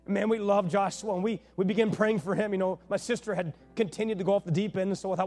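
A male pastor with a notably high voice preaches through a personal story. He talks casually and animatedly and slips into the voices of the people in the story. Soft music sits faintly underneath. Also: fast talker, few pauses. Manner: conversational, animated retelling with quoted dialogue. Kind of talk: sermon storytelling.

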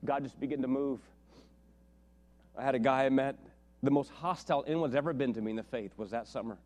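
A middle-aged man from West Virginia preaching a sermon, telling stories and rising to animated, shouted peaks. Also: mid-range voice, fairly quick. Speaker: pastor.

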